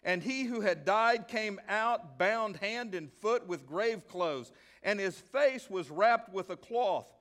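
A male pastor from the American South preaching a sermon. He reads scripture at length and asks the congregation questions that he then answers himself. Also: high voice. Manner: reads scripture aloud at length, slowing on key words; bursts into excitement.

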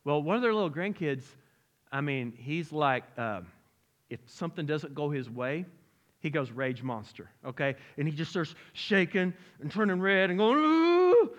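A middle-aged man preaching a sermon in a church, lively and conversational, joking and asking the congregation direct questions. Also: a little high, normal speed, lo-fi sound. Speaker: pastor. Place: church sanctuary.

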